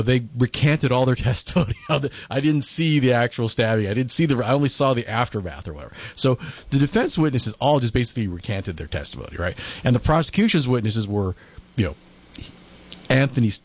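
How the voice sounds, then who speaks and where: A man chatting casually as a podcast co-host, retelling events and acting out quotes in mocking voices. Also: on the low side. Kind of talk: casual commentary chat. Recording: lo-fi muffled audio.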